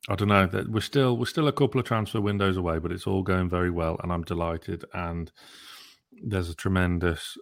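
A man's voice: low voice, steady tone, brisk, gravelly. A young man hosting a football podcast, chatty and playful, hesitating with lots of ums. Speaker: podcast host. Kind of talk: casual chat and interview hosting.

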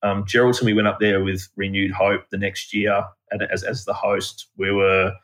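A man's voice: sits low, flat delivery, normal speed, fairly bright tone, low-quality recording. An Australian man talking casually as a podcast guest, telling rambling anecdotes. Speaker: guest, former country cricket coach.

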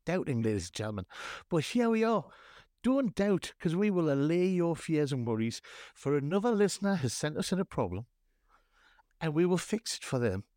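Lively, theatrical man hosting a podcast. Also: a little high, moderate pace, no echo, clean studio sound. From North East England. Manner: theatrical, mock-grand scene-setting. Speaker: podcast co-host. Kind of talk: casual chat.

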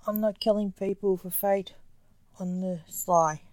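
A woman's voice: mid-range voice, steady tone, measured pace, noisy background, natural voice. A woman reading the lines of a cold, clipped male enchanter, a former assassin, in a storybook.

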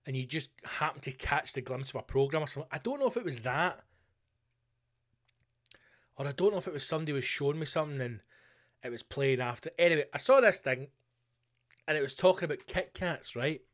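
A man's voice: a little high, expressive, brisk, long pauses, fairly bright tone. Sweary Scottish man ranting. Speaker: podcast host. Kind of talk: casual solo podcast rant.

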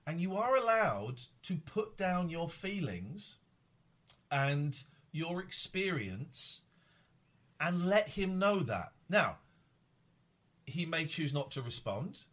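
Brief: male host, earnest and stumbling, very animated pitch. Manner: halting and earnest, with many restarts. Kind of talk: emotional one-on-one conversation.

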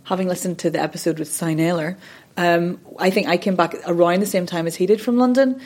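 A woman's voice: fairly low pitch, a little fast, darkish tone. A woman in her thirties, a voice and accent coach, talking in a chatty, rambling way with frequent restarts in a podcast interview. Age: 30s.

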